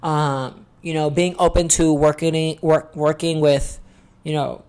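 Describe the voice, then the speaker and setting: A young adult woman hosting her own podcast in a candid, expressive confessional chat, swearing freely and calling listeners honey. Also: low voice, measured pace. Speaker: podcast host.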